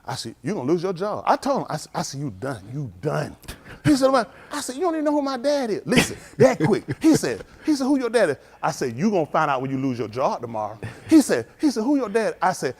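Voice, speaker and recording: A middle-aged male pastor, preaching informally and telling lively street stories in which he acts out the voices. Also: high voice, fast, hardly any pauses. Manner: animated storytelling, acts out voices, laughs.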